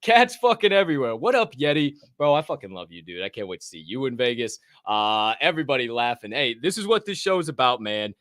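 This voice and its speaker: A man hosting a casual livestream podcast, chatting and reading an ad in a rambling, profane way from a warm room at home. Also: mid-range voice, big pitch swings, a little fast, hardly any pauses, no room sound. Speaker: podcast host.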